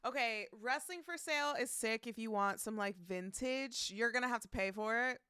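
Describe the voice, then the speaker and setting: Chatty woman streamer with a smooth voice. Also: a little high, normal speed, sharp tone, no room sound, studio quality. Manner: chatty, laughs often, greets viewers by name. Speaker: streamer reading live chat. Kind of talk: casual chat.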